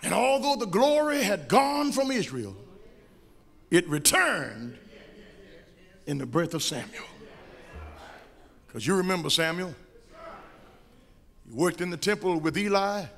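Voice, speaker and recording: A middle-aged man, preaching a sermon as pastor, with shouted, sing-song rises. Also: sits high, lively intonation, measured pace, creaky, long pauses. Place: church sanctuary. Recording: echoey church with long reverb.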